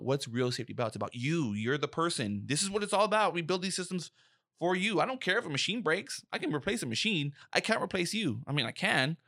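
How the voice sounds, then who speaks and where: A man's voice: fairly high pitch, brisk, dry recording, clean studio sound. A young adult man co-hosting a casual podcast as a safety professional, talking emphatically and acting out quotes. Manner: animated, emphatic, acts out quotes.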